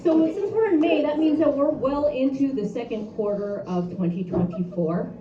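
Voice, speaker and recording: Give me a woman doing crude stand-up at an open mic, fairly high voice, dull lo-fi sound. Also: normal speed, a faint crowd. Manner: bold, crude, conversational storytelling. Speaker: stand-up comedian. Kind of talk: stand-up comedy set. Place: brewery open mic, indoors. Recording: roomy, distant, dull, noisy live room.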